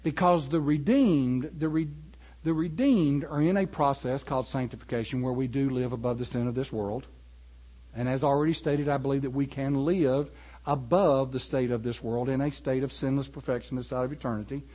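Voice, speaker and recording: A man preaching a sermon, animated and building to emphatic peaks. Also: mid-range voice, moderate pace, lo-fi sound.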